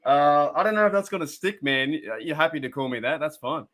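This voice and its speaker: Young aussie guy rambling on a fan stream, bit high-pitched, chatty. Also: animated, fairly quick, a bit bright. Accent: Australian. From Australia. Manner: rambling, chatty, laughs often, greets viewers by name. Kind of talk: casual live-stream chat and game commentary.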